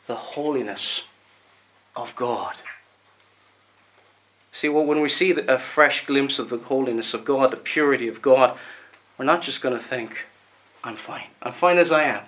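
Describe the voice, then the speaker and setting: Man, sermon, emphatic, bright tone. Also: mid-range voice. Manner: emphatic, repeats words, slows down for stress. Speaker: preacher.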